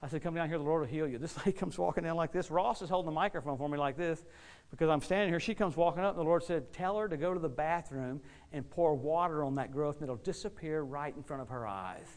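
A man preaches in a storytelling style, his voice sitting a little high for a man. He is lively and folksy. He repeats words and restarts when he gets excited. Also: fast talker. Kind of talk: storytelling sermon.

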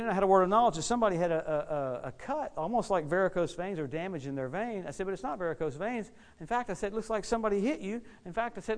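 A middle-aged man preaching a sermon, telling stories quickly and animatedly, acting out quotes and laughing along. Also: high-pitched. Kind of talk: storytelling sermon.

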